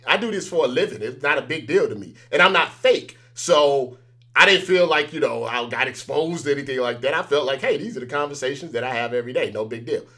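Animated man with a bright voice. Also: a little high. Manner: animated storytelling, acts out quoted exchanges. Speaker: interview guest. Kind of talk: casual interview chat.

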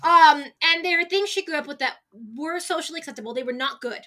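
A woman guest on a podcast, talking in an animated, storytelling way in casual chat. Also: high voice, fast talker.

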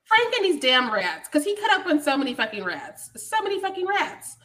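A woman's voice: high-pitched, very animated, brisk, bright, forceful tone. A woman co-hosting a podcast, chatting casually about a movie, laughing often and acting out the characters. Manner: laughs often, acts out characters in mock voices. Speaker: podcast co-host. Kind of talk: casual movie review chat.

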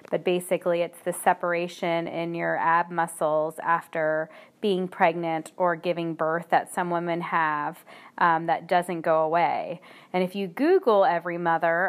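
A woman hosting a podcast in a casual, chatty way, her voice a little hoarse from a cold. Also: on the low side. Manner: chatty, filler-heavy, unhurried. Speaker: podcast host.

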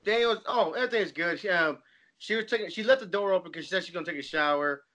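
A young adult man co-hosting a casual chat, animated, laughing often and swearing freely. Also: high voice, quick pace. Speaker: podcast co-host.

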